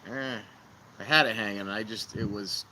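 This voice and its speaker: A man's voice: lowish voice, moderate pace, background noise. Rambling man on an outdoor livestream. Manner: rambling, joking, talks to viewers. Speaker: livestream host. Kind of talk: casual livestream chat. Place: outdoors by a fire pit.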